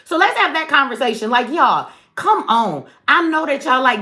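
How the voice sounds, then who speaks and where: Blunt, profane woman livestreamer, higher voice. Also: very animated, normal speed, few pauses, bright, forceful tone. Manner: blunt, profane, sarcastic, talks straight to her chat. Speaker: livestream host. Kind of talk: casual livestream commentary.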